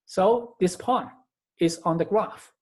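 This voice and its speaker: A man's voice: sits high, slow pace. A man teaching a recorded math lecture, working through each step methodically and often repeating or correcting his phrases. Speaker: math instructor.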